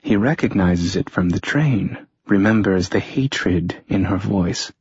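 A man narrates a thriller audiobook with measured, tense storytelling in a low, husky voice at a slow pace. The recording is dry and close with no echo, and its dull lo-fi sound has a darkish tone.

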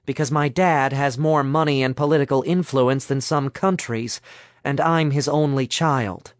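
A man voicing a blunt sharp-tongued young woman. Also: mid-range voice, steady tone, measured pace, no echo, studio quality, lightly acted. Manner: blunt, matter-of-fact.

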